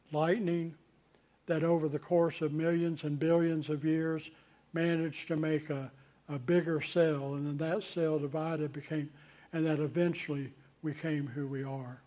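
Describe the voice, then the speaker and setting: A male pastor delivers a sermon at a slow, unhurried pace, leaning on deliberate pauses. His voice sits a little high for a man yet sounds mellow and dark in tone. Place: church.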